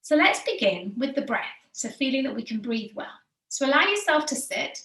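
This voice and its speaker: Calm female yoga teacher, slightly high voice, soft, unhurried cues, recorded at a distance in a roomy space. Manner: calm, slow and soothing, drops to soft low guidance. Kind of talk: guided yoga breathing instruction. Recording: echoey room, from far off the mic.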